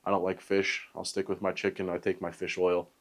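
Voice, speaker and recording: A man's voice: deep voice, completely flat delivery, fairly quick. A young man talking casually to camera for his fitness vlog, rambling and upbeat with lots of fillers and little self-jokes. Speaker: fitness vlogger.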